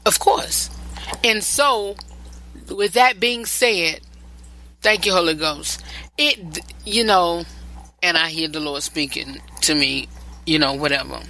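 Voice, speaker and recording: A man's voice: fairly high pitch, slow pace, long pauses, bright, forceful tone, a little hiss or hum, low-quality recording. A male podcast host giving relationship advice in a rambling, repetitive and preachy solo talk.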